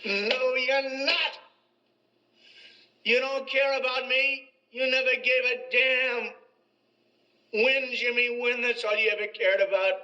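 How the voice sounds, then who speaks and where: An actor playing a desperate young ballplayer son, strained and pleading. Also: male voice, extremely high pitch, steady tone, slow, long pauses, bright, forceful tone, heavily acted. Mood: anguished. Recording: dull lo-fi film sound.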